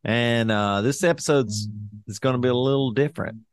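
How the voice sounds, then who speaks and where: A man's voice: mid-range voice, moderate pace, clear, resonant tone, no room sound. A man hosting a podcast, chatting casually with rambling, jokey asides. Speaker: podcast host and touring musician.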